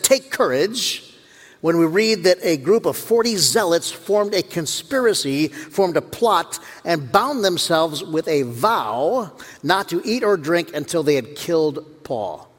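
Lively pastor preaching in a reverberant hall. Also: male voice, a little high. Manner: storytelling, acts out quoted voices with humor. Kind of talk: sermon. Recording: long reverb of a church hall.

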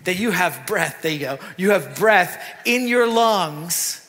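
A man preaching a sermon in a church, talking in a lively, conversational way with asides to the congregation. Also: sits high, slow pace, soft background music. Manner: animated, conversational preaching with asides and acted quotes. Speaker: pastor. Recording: long reverb of a church hall.

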